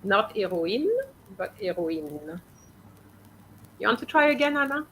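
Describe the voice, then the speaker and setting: A woman teaching French, patiently correcting students' pronunciation and often checking with a quick "okay?". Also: high-pitched, fairly bright tone, a little hiss or hum, low-quality recording. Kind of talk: coaching students on reading aloud.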